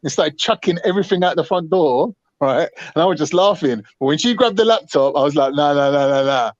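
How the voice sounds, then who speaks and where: A man telling a story to a live panel, animated and swearing freely. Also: fairly high pitch, fairly quick, dry recording. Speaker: panel host. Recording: dull, dry online stream audio.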